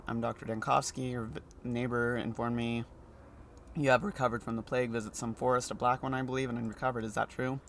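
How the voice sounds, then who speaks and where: A calm, skeptical doctor from a video game asks pointed questions, read aloud by a man close to his own voice. The delivery is dry and measured. Faint background noise sits under it. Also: mid-range voice, close to an everyday voice. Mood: wary.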